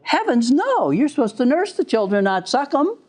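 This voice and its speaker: A man's voice: extremely high pitch, very animated, normal speed. A man giving a lecture on parenting, joking and laughing as he acts out what parents and children say. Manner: jokey, laughs at own lines, acts out parent and child voices. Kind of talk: recorded lecture.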